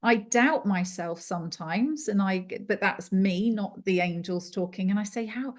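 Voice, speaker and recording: A woman being interviewed as a clairvoyant guest over a video call, talking in a chatty, animated storytelling way. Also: mid-range voice, unhurried. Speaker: clairvoyant and angel card reader guest.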